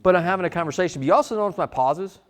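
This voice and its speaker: An animated man leads a sales training session, talking casually and acting out bits of customer role-play. His voice sits a little on the high side for a man. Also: very fast. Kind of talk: live sales training talk.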